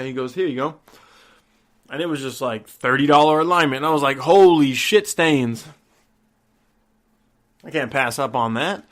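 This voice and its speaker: A man's voice: mid-range voice, a bit bright. Exasperated young man ranting, swearing. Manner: profane, exasperated, acts out both sides of the exchange. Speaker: vlogger. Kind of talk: casual ranting storytime.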